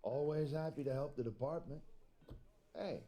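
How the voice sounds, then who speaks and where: A man's voice: mid-range voice, normal speed, warm tone, natural voice. An actor playing a sly, mocking middle-aged company man in a video game. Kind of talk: 1940s-style game acting.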